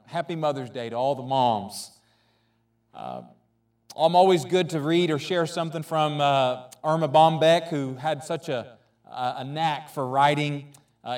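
Halting, gentle male pastor. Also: medium pitch, far from the mic. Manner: halting, gentle, many restarts and repeated words. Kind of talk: sermon.

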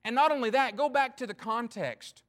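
Male pastor with a high voice, earnest and emphatic sermon delivery. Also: normal speed. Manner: earnest, emphatic preaching with swings in loudness and pace.

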